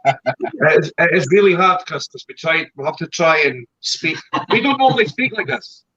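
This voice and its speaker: A man's voice: a little high, big pitch swings, sharp tone, husky, dull audio, faint music behind. A Scottish man from a paranormal team chatting casually and jokily in an online interview. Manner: chatty, joking, quick explanations.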